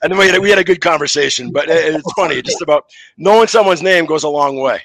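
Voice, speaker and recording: A middle-aged man, a former referee, telling lively anecdotes on a podcast and acting out the quotes. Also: on the high side, fast talker, dry recording, poor audio. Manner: animated anecdotes, acts out quotes. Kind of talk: casual storytelling on a podcast.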